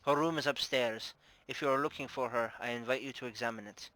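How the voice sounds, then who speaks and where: A man's voice: medium pitch, steady tone, brisk, bright, forceful tone, lightly acted, rough recording. A man voicing a shrewd, playful madam who runs her house with formal, teasing grace, in a put-on Russian accent. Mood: worried. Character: shrewd playful female brothel madam, middle-aged. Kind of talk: tabletop game character voice.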